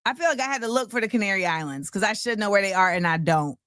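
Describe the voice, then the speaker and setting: A woman's voice: medium pitch, lively intonation, quick pace, a bit bright, dry recording, studio quality. A woman hosting a casual livestream show, playful and sing-song, reading out where viewers are watching from. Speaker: host.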